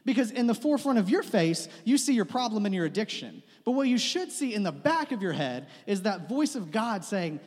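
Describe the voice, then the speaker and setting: A man's voice: sits high, big pitch swings, brisk, hardly any pauses. A young man preaching a conversational sermon, with self-deprecating humor and repeated phrases. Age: young adult. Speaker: pastor. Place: church sanctuary. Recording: long reverb of a church hall.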